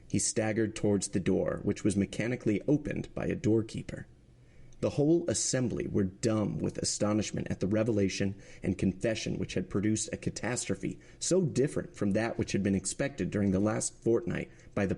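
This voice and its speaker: Low gravelly man reading a novel. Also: dark tone. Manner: measured, dramatic narration. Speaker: podcast reader. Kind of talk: reading a classic novel aloud.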